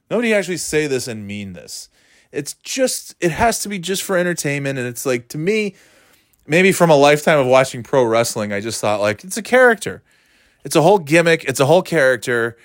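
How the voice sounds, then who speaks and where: Male host, dry close sound, mid pitch, sarcastic swearing rambler. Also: no echo. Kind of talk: casual profane rant.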